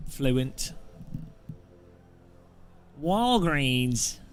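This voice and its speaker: A man's voice: medium pitch, sing-song, very slow, slight background noise. A man doing a put-on American accent, voicing a goofy, overeager American tourist in a drawling, exaggerated way. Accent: mock American.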